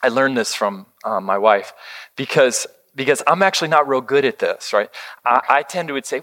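A middle-aged male pastor delivers his sermon in a bright, clear voice. He talks like he's telling a story to friends, then drops his voice low and soft for the comforting lines. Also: lively intonation, fairly quick. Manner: conversational storytelling, dropping to a hush for quoted comfort.

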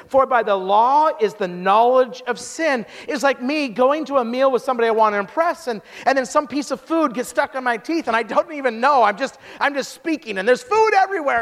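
High-voiced emphatic male preacher. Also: fairly bright tone, big-room sound. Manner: emphatic, rhetorical questions, vivid anecdotes. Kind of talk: sermon.

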